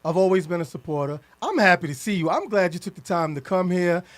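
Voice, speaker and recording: A man's voice: high-pitched, fast talker. A man hosting a casual radio interview in a studio, effusive and hyping up his guest with emcee-style announcements. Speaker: radio show host.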